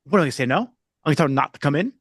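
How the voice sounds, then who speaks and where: Middle-aged male podcast host; loose, conversational delivery, lively pitch, dry close sound. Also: racing, dry recording. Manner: conversational, frequent restarts and "like". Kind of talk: casual podcast chat.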